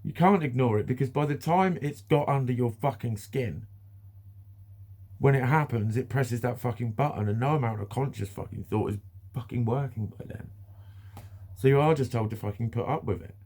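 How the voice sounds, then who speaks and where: A man's voice: mid-range voice, moderate pace, a little mellow, slightly rough. A British man ranting bluntly in a casual vlog monologue, swearing freely, repeating himself and laughing now and then. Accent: British English. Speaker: vlogger.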